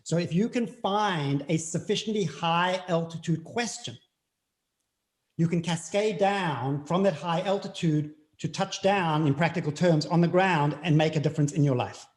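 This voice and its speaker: Earnest South African man, higher voice. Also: moderate pace. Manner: earnest, repeats key phrases for emphasis. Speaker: interview guest. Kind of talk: reflective interview talk.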